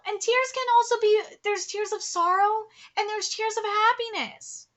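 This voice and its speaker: A woman's voice: extremely high pitch, steady tone, normal speed, hardly any pauses, a bit bright. A woman in her thirties from California, giving live reaction commentary in a blunt, profane, impassioned way. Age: 30s. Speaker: manga reaction streamer.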